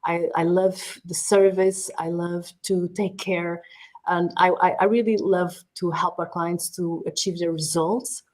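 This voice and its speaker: A middle-aged woman from Portugal with a Portuguese accent, a native Portuguese speaker answering interview questions in English, expressive and prone to restarts. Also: lowish voice, a little slow. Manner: warm, expressive, with frequent restarts and laughs. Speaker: guest, media training executive.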